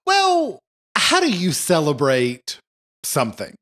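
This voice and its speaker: A man co-hosting a casual chat podcast, teasing his partner with quick jokes. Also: high voice, wildly swooping pitch, sharp tone. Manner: teasing, joking, quick comebacks. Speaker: podcast co-host.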